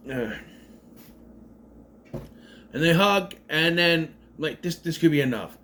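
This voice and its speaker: A man's voice: fairly high pitch, lively intonation, slow, long pauses, fairly bright tone. A man giving a casual spoken movie recap, rambling and correcting himself, with sarcastic asides. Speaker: movie reviewer.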